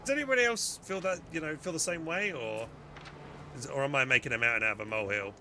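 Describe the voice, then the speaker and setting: A man's voice: mid-range voice, quick pace, noisy background. A man casually commenting on his gameplay while streaming, muttering and swearing now and then. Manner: chatty, muttering to himself, swears.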